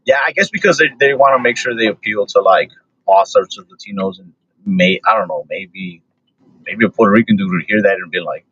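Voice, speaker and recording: A man in casual podcast chat, talking in a laid-back, monotone way with lots of fillers. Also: on the low side, brisk, breathy edge, dry recording. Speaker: comedian, podcast guest. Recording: dull lo-fi recording.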